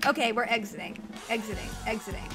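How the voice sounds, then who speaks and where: A woman streaming a party game with a friend, chatting excitedly, laughing and cheering loudly. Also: fairly high pitch, quick pace. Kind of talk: excited gaming chat. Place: home streaming setup. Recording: game music behind. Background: game music.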